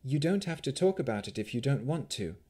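A man voicing a gentle, caring woman warlock who speaks with concern. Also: mid-range voice, sing-song, a little fast, slightly rough, pitched above the performer's own voice.

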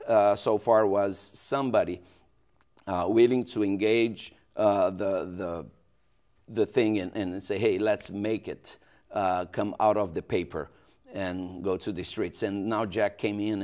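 A male pastor with a Brazilian Portuguese accent talks in a very low, deep voice. He speaks haltingly in a local TV interview, restarting phrases and filling gaps with "uh". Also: steady tone, a little mellow. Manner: hesitant, many restarts and fillers.

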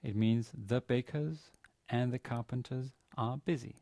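A man giving a university grammar lecture, pausing often with fillers and restarting his sentences. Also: medium pitch, gravelly, warm tone, no room sound. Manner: hesitant, many fillers and restarts. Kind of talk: classroom lecture. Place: university classroom.

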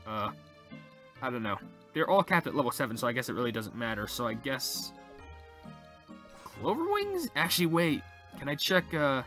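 A man giving casual, rambling gameplay commentary as a YouTuber, getting excitable at close calls. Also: on the high side. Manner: rambling, excitable, lots of fillers. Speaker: gaming YouTuber.

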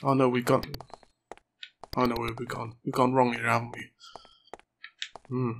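Gamer, hoarse, excitable, swears a lot, noisy recording. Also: male voice, medium pitch, normal speed, long pauses. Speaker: gaming channel host. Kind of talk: let's play commentary.

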